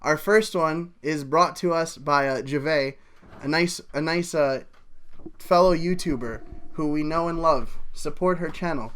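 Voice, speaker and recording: Man, comedy YouTuber, joking, slightly high voice. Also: unhurried, a bit bright, smooth. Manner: joking, mock-dramatic. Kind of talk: comic read-along of fan fiction.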